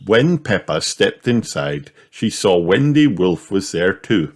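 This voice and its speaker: Slow, animated male storybook narrator. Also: low-pitched. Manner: expressive, does all the character voices. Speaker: audiobook narrator. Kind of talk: children's storybook read aloud.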